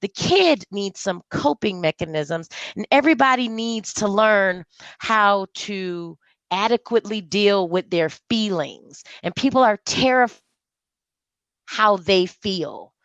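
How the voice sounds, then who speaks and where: A woman as a podcast guest, speaking in casual conversation, animated and storytelling, mimicking the voices of people she talks about. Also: medium pitch, takes it slowly, no room sound, dull audio.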